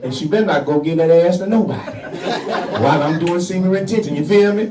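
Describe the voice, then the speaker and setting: Loud animated comedian in a crowded café. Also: male voice, sits high, quick pace. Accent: Southern US. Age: older. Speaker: stand-up comedian. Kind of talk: stand-up comedy set. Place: small café open mic with audience. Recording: roomy, distant, crowd noise.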